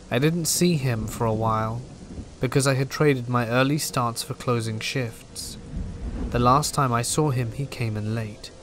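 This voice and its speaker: A man reading horror stories aloud in a slow, hushed narration. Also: mid-range voice. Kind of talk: scripted narration. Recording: rain noise behind voice. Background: steady rain.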